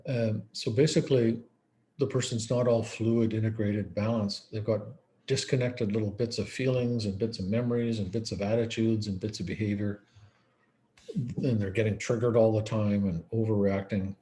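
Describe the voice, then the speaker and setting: A man's voice: fairly low pitch, fairly even intonation, moderate pace, mellow. A man speaking as a psychiatrist in a conference lecture, telling case stories in a conversational way. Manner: conversational, storytelling, acts out quoted dialogue.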